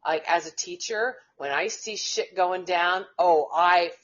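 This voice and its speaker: A woman, a teacher co-hosting a casual podcast, talking in an outspoken, animated, profane way. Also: fairly low pitch, measured pace. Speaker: co-host, teacher. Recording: dull lo-fi audio.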